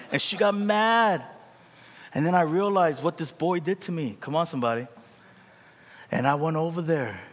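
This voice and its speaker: Young male pastor from Korea, animated storytelling sermon, fairly high voice, big hall reverb. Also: normal speed. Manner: animated, calls out to the congregation.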